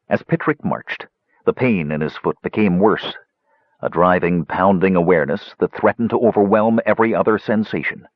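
A man narrating a fantasy audiobook in an expressive storytelling manner. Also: sits low, dry recording, highs cut off.

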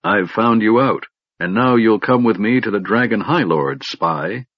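Big burly warrior who bellows and jokes, read by a man with a low, husky voice on a dull, dry recording. He is boisterous and loud, booming out his lines with easy bluster. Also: a little slow, no echo. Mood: gruff. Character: huge brawny male warrior, boisterous and joking.

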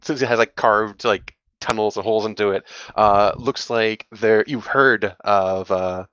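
A man's voice: on the low side, steady tone, measured pace, a bit bright, clear, resonant tone, muffled recording. A man narrating as game master of a tabletop game, rambling and hesitant with many fillers.

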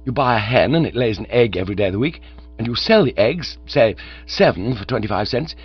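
A sheepish young English gentleman who tumbles through his excuses, as a male storyteller puts him on. His voice sits higher than the narration and jumps around in pitch, on a slightly dull recording with a faint hum. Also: lively intonation, breathy edge, soft background music. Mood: flustered. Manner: flustered, rushed and pleading.

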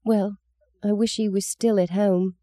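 A reader voicing a frightened young girl in a family story, speaking in a higher pleading voice. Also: little pitch movement, measured pace, warm tone, no room sound, studio quality, lightly acted.

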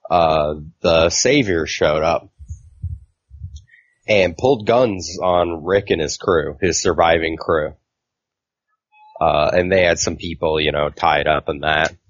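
With a rumbling low voice and long pauses, this podcast co-host slowly rambles through a comic book story recap, full of fillers. The lo-fi mic sounds dull, and there's no room sound.

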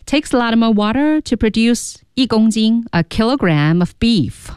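A woman hosting a bilingual radio English lesson, repeating and explaining phrases slowly. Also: on the high side, lively intonation, a little mellow, smooth, dry recording, studio quality. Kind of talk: bilingual teaching chat. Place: radio studio.

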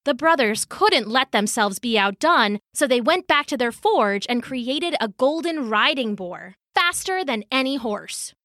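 Slow, lively woman reading a myth. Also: high voice, no room sound, studio quality. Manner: expressive storybook reading with acted voices. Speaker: storyteller. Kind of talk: scripted narration.

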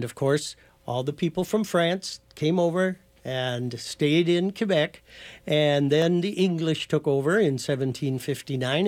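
A man who is a guest on a talk show, patiently explaining and lecturing, sometimes spelling words out letter by letter. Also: a little high. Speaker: guest from a heritage foundation.

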